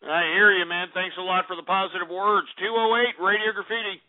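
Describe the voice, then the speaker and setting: A man's voice: sits high, flat delivery, brisk. A man hosting a call-in radio show, ranting angrily and profanely, repeating himself. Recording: tinny phone-like audio.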